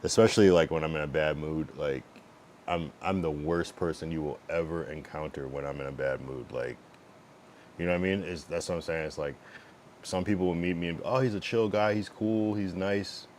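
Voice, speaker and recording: A man's voice: very deep voice, fairly even intonation, fairly quick, darkish tone, a little hiss or hum. A male streamer chatting casually to his viewers, rambling, profane and blunt, with lots of fillers. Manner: talks to chat while fiddling with his stream setup. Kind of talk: casual livestream chat.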